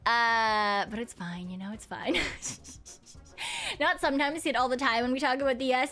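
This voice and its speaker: A young woman VTuber with a high, pushed, bright voice chats casually with her viewers. She's loose and giggly, swears freely, and hums while reading chat.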